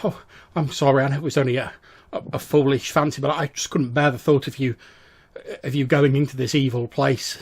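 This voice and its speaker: Brief: man putting on a meek young woman, apologetic and pleading, gravelly edge, husky. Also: mid-range voice, steady tone, brisk, pitched above the performer's own voice.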